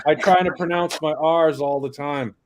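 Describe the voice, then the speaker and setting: A man's voice: fairly high pitch, fairly even intonation, moderate pace. A man chatting casually as a panel guest, rambling and friendly.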